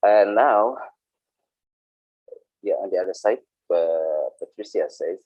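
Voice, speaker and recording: A man teaching workplace English online, explaining slowly with frequent hesitations and repetitions. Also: on the low side, lively intonation, dry recording. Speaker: English instructor. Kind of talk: online vocational English lesson. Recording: dull lo-fi sound.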